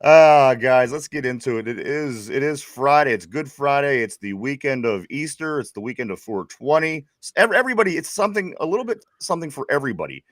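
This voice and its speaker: A man hosts a casual podcast, talking quickly in rambling, halting bursts full of restarts. His voice sits at a middling pitch and sounds dry and close to the mic. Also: animated, a bit bright, no echo. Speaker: podcast host.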